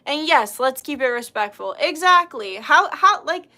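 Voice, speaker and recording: A woman's voice: high voice, expressive, moderate pace, bright, forceful tone. A woman hosting a casual livestream, chatting, telling stories with laughs and reading comments, blunt when annoyed. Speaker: spiritual healer and livestream host.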